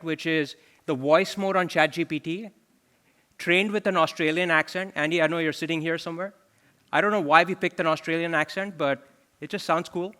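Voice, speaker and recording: A man's voice: on the high side, a bit bright. A man in his forties giving a conversational conference keynote as a chief product officer, often asking the audience questions. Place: large conference hall.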